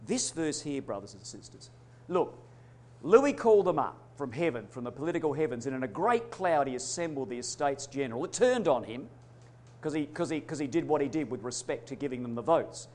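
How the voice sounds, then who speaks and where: A man preaching a sermon, emphatic, swinging between loud declarations and hushed asides. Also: mid-range voice, big pitch swings, a little fast. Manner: addresses congregation as brothers and sisters.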